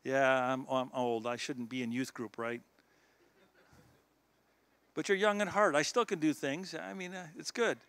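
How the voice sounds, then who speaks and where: A man's voice: mid-range voice, steady tone, measured pace, long pauses, a bit bright. A man of sixty giving an earnest, exhorting sermon to a church youth group. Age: 60s. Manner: earnest, exhorting, chuckles between points. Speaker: guest speaker.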